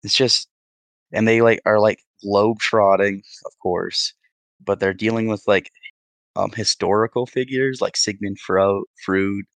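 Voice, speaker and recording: A man's voice: lowish voice, fairly even intonation, a little slow, creaky, a bit bright, dry recording. A man co-hosting a podcast, chatting casually with lots of fillers and amused asides. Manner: rambling, filler-heavy, amused. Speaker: podcast co-host. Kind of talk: casual chat.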